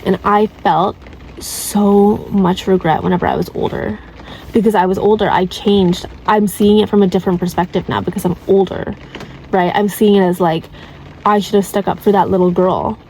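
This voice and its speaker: A woman's voice: mid-range voice, steady tone, normal speed, a little mellow, slight background noise, poor audio. A woman in her twenties, from Canada, talking casually and candidly in a vlog and filling her speech with "like" and "right?". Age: 20s. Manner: chatty, heavy use of "like" and "right?", candid. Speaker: vlogger. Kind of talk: casual confessional advice talk.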